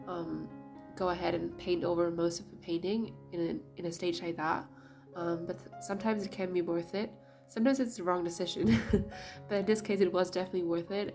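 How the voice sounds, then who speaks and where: A woman painter narrating her vlog in a casual voice-over, raspy and a bit sick, talking hesitantly with many fillers. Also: fairly low pitch, darkish tone. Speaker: painter vlogger.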